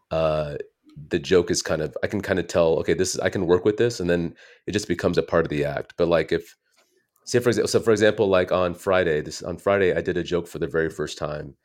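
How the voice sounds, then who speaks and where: Very deep-voiced rambling comedian. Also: male voice, normal speed, darkish tone. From United States. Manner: rambling, self-correcting storyteller. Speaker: comedian guest. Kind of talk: casual interview chat.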